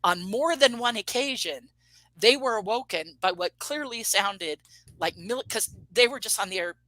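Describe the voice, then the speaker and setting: A woman in her fifties tells a personal story as an interview guest, with a bright, forceful tone. She brings the quoted dialogue to life with animated delivery and restarts her sentences as she goes. The recording is dry and close. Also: mid-range voice, moderate pace, no room sound, rough recording.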